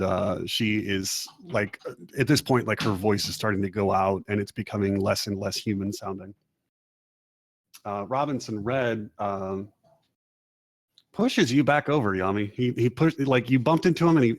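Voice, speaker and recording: A man's voice: lowish voice, a little slow, dry recording. A man running a tabletop game as game master, loose and profane with many fillers.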